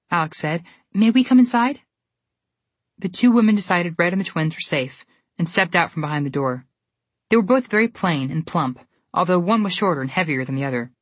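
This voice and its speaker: A woman with a low voice narrates a storybook, reading in a steady, even way. The recording is close and dry, with no room around her. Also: slightly rough, no echo.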